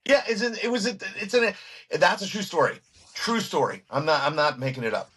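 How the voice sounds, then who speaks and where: A man who is a guest musician telling stories in an interview, excitable and animated, acting out what other people said. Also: on the high side, a little fast, slight background noise. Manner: excitable, acts out quoted voices, frequent restarts.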